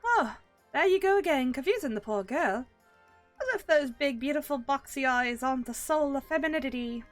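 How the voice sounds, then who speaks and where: Woman puts on a teasing young heroine; raised pitch, bright and lively. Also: moderate pace, faint music behind. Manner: teasing, playful.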